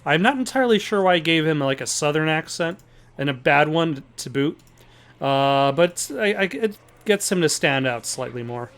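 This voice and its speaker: A man's voice: fairly high pitch, lively intonation, moderate pace, fairly bright tone, clear, resonant tone. A man hosting a let's play, reading a visual novel aloud between wry, chatty asides.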